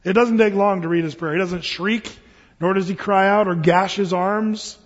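A pastor preaching to his congregation, chatty and humorous, with a high-pitched, husky voice. His words ring through a reverberant hall on a dull, lo-fi recording. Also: steady tone, normal speed. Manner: conversational, humorous storytelling. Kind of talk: sermon.

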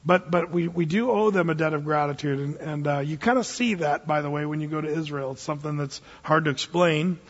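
A man preaches as a pastor in a casual, folksy way, mixing plain talk with dramatic readings of scripture. His voice sits high for a man and sounds husky. The recording is dull and lo-fi, with a long reverb from the hall. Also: a little fast, hardly any pauses. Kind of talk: expository sermon.

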